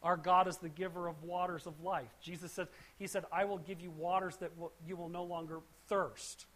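A woman teaching scripture verse by verse. She speaks conversationally, pausing to explain words. She often restarts her sentences and drops in asides as she goes. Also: on the low side, steady tone. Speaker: Bible teacher.

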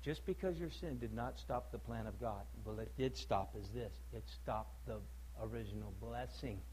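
A male preacher giving a sermon, emphatic and full of rhetorical questions, swinging between loud declaiming and low, quiet stress. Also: moderate pace, a little hiss or hum, poor audio.

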